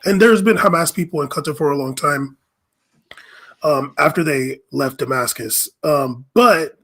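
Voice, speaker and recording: A man co-hosting a loose political chat, telling a news story in a meandering, earnest way. His voice is a bit high and slightly husky. He hesitates often, filling gaps with ums. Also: bright, forceful tone. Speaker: podcast co-host.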